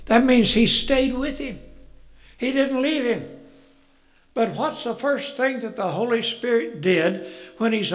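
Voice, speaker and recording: Slow-talking high-voiced male preacher. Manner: storytelling with rhetorical questions and chuckles; swells loud on key phrases. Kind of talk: folksy Bible sermon.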